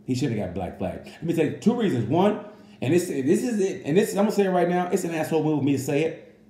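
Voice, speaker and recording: A man giving a casual, rambling comedic monologue that reviews a motorcycle race, full of animated asides. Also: a little high, fast talker, reverberant.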